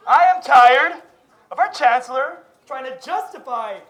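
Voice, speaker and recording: A student with a fairly high voice rants at an outdoor protest, swearing often and hitting words hard. The anger shows in every line, with some parts shouted and others pulled down low. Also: lively intonation, a little slow, poor audio. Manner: swearing, furious, emphatic. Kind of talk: angry rally rant.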